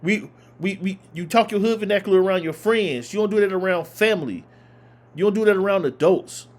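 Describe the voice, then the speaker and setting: A man's voice: sits high, brisk. A man giving emphatic, opinionated commentary as a reaction video host, hammering his points by repeating them. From Southern United States.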